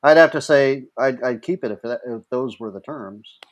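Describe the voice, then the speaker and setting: A man, an actor appearing as a guest, answering questions hesitantly as he thinks out loud. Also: medium pitch, moderate pace, no room sound. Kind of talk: casual chat.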